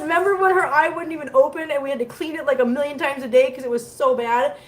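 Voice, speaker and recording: A woman's voice: sits high, steady tone, fast talker, few pauses, a little hiss or hum. A woman hosting a casual live stream from home, chatting with viewers and cooing at her cats in baby talk. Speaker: cat channel host.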